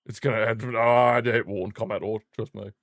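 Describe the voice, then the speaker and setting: A man's voice: fairly low pitch, fairly even intonation, moderate pace, vocal fry, fairly bright tone, no echo. Dry-miked man doing fan commentary. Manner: partisan, blunt, mocking the rival team. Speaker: football watchalong streamer. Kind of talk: casual live fan commentary.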